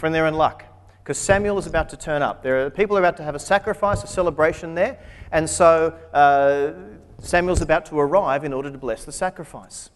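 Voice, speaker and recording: A man's voice: a little high, animated, brisk. A man preaching a humorous sermon, retelling scripture with wry joking asides. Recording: long hall reverb.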